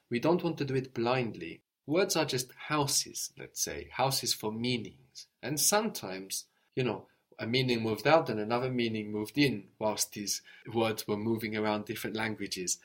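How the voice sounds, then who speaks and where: A man teaching a language lesson, patiently explaining word roots and prompting his student with questions. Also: medium pitch.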